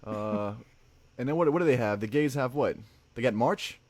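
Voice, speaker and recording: A man's voice: medium pitch, animated, normal speed, a little mellow, dry recording. A man hosting a casual livestream, rambling and joking, often tacking "man" onto his sentences and laughing. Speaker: livestream host.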